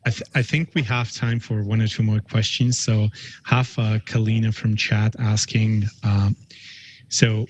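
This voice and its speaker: A man with a low voice moderates an online conference session, halting often on fillers as he reads out a question. A faint hum of background noise sits under his voice on the video call. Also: flat delivery, darkish tone. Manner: hesitant, many fillers.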